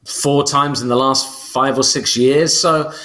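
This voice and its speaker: A man's voice: mid-range voice, steady tone, slow pace, fairly bright tone. An English man co-hosting a soccer podcast, talking casually with many fillers and restarts. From England. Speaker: co-host.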